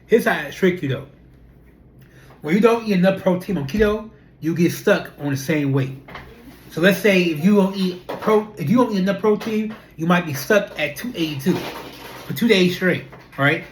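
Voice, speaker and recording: A young adult speaker, chatting straight to camera. The talk is loose and animated, looping through rhetorical questions and repeated fillers. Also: medium pitch, normal speed, slight background noise. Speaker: vlogger. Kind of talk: casual talking-to-camera monologue.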